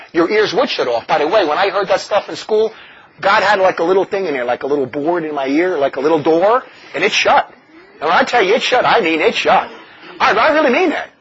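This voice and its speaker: A man preaching a sermon in an animated, mocking way, often laughing as he talks. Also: high voice. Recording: dull lo-fi recording with faint noise.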